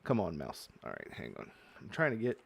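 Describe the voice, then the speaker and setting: A man's voice: low-pitched, brisk, vocal fry, husky. A man hosting a casual card-opening video, chatting as he goes and reading card text aloud. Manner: chatty, reads card text aloud, gets loudly excited at good pulls. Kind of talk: casual unboxing commentary.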